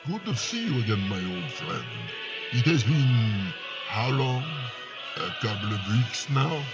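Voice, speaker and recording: An actor playing a smug, mocking mob boss with a put-on Eastern European accent, in a radio comedy. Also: male voice, medium pitch, sing-song, unhurried, muffled recording, over loud music. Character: oily mob boss with a mock Dracula accent. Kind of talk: 1940s radio acting.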